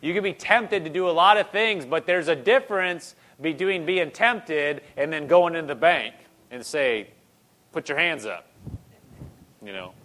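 A man's voice: a little high, expressive, normal speed, few pauses, a bit bright. A man preaching a conversational sermon, repeating phrases and rising into emphatic bursts.

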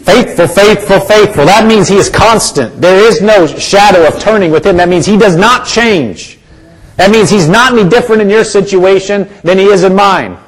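A man's voice: high voice, normal speed. A man preaching a sermon, emphatic and repetitive, calling on the congregation to respond. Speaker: pastor.

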